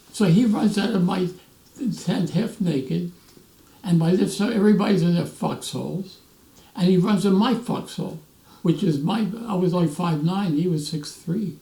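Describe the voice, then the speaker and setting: A man in his nineties, a veteran, telling animated stories in an interview and acting out the voices of others. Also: high voice, moderate pace, vocal fry. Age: 90s. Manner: animated storyteller, acts out quoted voices, restarts often. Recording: roomy echo, mic at a distance.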